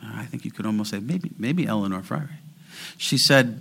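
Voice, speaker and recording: A man preaching a sermon as pastor, earnest and building to fervent exhortation, sometimes slowing down or dropping to a near whisper for emphasis. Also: lowish voice, lively intonation, vocal fry, bright, forceful tone, husky.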